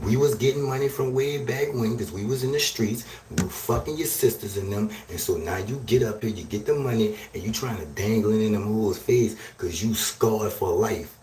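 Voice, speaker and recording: A low-voiced man rants on a live stream, crude and loud, forever asking if you hear him. He sits back from the mic in an echoing room. A faint hiss hangs behind him. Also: moderate pace, few pauses. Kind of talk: profane rambling rant to a live audience. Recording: roomy echo, distant from mic, faint noise.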